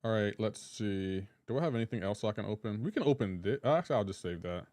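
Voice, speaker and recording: A man's voice: lowish voice, animated, quick pace, darkish tone, dry recording, clean studio sound. A man with a light Southern US accent, a gaming streamer chatting casually and reacting to his viewers' messages. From Southern United States. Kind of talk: casual live-stream chat.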